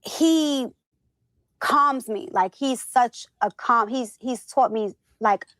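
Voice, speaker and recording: A woman from the northern United States, an interview guest telling stories in a lively, chatty way and acting out quoted dialogue. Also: on the high side, takes it slowly, dry recording. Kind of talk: casual storytelling chat.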